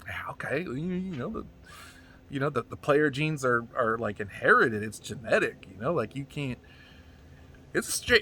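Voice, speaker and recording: Bright-voiced man rambling through a story. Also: mid-range voice, slight background noise. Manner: rambling, profane, animated retelling. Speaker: comedian telling stories. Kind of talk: casual storytelling monologue.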